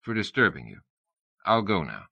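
A man playing a concerned corporate executive who speaks in a measured, evasive, solicitous way. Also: low-pitched, big pitch swings, gravelly, slightly rough, dry recording, lo-fi sound, full character voice.

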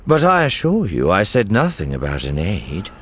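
Man playing a cool, formal alien officer for an audiobook: deep, slow, precise. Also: wildly swooping pitch, fairly bright tone, exaggerated voice. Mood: measured. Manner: measured, formal, unhurried. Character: calm formal male alien naval officer. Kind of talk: audiobook character voice.

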